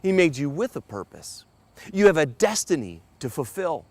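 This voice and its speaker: A high-voiced man preaches a personal sermon. He speaks earnestly, stumbling and repeating small words as he goes. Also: sing-song, moderate pace, no echo. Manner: earnest, stammering repetitions.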